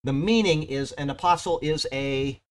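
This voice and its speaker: A man's voice: a little high, moderate pace. A man teaching a Bible study verse by verse in an emphatic, conversational way, often checking in with "okay?".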